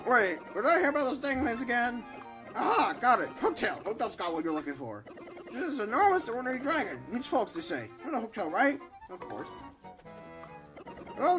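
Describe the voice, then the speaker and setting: A woman voicing a rambling, senile old male turtle mayor in a video game, loud and exclaiming. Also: on the high side. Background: game music.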